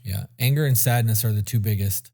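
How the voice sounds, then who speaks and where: A man's voice: on the low side, brisk, mellow. A man co-hosting a podcast in casual chat, blunt and rambling, swearing freely. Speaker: podcast co-host.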